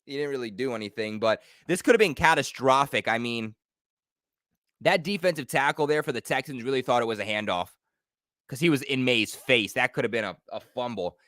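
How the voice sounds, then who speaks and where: Young male fan host, play-by-play and reactions; bright, dry, excitable. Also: medium pitch, brisk, no echo. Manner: excitable, swings from calm analysis to yelling. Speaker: fan watch-party host.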